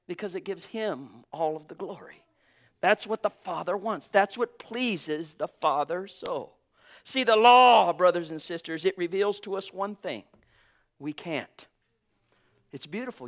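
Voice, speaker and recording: A man preaching a sermon with emphatic, drawn-out phrases, swinging between loud bursts and soft asides, chuckling now and then. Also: sits high.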